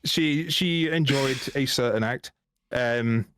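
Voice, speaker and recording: A man's voice: fairly high pitch, a little fast, no echo, clean studio sound. Laughing man telling a crude story. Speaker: podcast guest. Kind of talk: casual podcast chat. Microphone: remote call.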